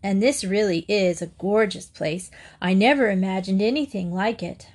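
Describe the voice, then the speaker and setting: A woman's voice: mid-range voice, moderate pace, darkish tone, close to an everyday voice. A woman reading aloud, voicing a cheeky, teasing young schoolgirl in a storybook.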